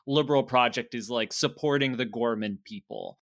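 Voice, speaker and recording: A man's voice: medium pitch, moderate pace, fairly bright tone, no room sound. A man co-hosting a podcast, explaining things casually and saying "like" often. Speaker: podcast host. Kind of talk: casual chat.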